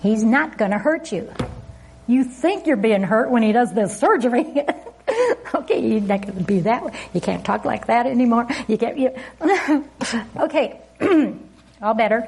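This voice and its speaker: A woman's voice: a little high, animated, moderate pace, darkish tone, breathy edge. A woman preaching an informal sermon, chatty and often laughing as she asks the congregation questions.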